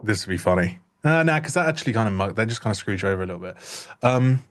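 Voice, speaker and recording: Young male stream co-host, lowish voice, rambling jokey banter. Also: lively intonation, fast talker, a bit bright. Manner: joking, rambling, self-interrupting. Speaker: livestream trading co-host. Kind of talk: casual live-stream chat.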